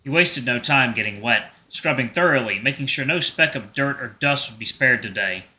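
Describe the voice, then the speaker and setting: A man's voice: mid-range voice, animated, normal speed, sharp tone. A young man reading a visual novel aloud, narrating in the second person.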